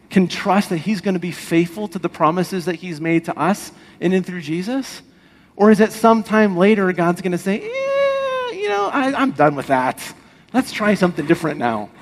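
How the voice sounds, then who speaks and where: A man's voice: on the high side, low-quality recording. A man preaching a sermon, explaining the text earnestly with rhetorical questions and letting his voice fall at the end of phrases. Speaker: pastor.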